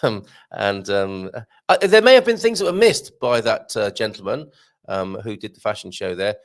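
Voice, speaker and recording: A man's voice: lowish voice, big pitch swings, normal speed, vocal fry. A man hosting a live stream, chatting with viewers in a giggly, rambling way with plenty of ums. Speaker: host.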